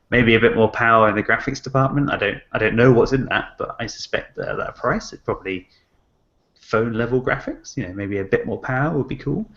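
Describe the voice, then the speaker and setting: A man's voice: medium pitch, a bit bright. A man co-hosting a tech podcast, talking enthusiastically and thinking aloud with lots of "you know"s. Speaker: podcast co-host. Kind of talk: casual tech chat. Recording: slightly muffled podcast audio.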